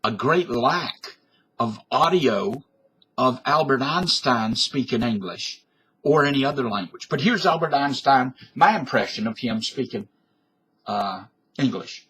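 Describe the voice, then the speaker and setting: A man in his fifties or sixties, speaking from home into a webcam, delivers a folksy vlog monologue that rambles, digresses, and frequently corrects itself. His mid-range voice is animated and unhurried, a little bright and slightly rough.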